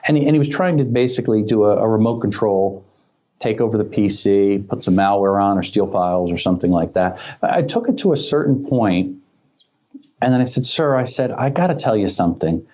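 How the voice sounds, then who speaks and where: Security-expert guest, male, warm low-bright tone, lively storyteller, slightly muffled recording. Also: brisk. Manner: animated storyteller who acts out quoted dialogue. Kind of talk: conversational podcast interview.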